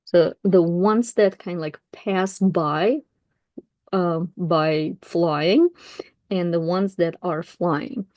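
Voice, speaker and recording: Russian-speaking woman, language tutor, low mellow voice, dry close recording, relaxed and unscripted. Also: slow pace, hardly any pauses, dry recording. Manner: relaxed, thinking aloud with fillers and self-corrections. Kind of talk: explaining a text while reading aloud.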